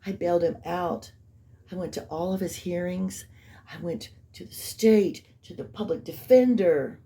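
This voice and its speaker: A woman's voice: on the low side, a little slow, warm tone. A woman voicing a self-pitying female suspect who insists she is innocent, in a pleading, melodramatic tone.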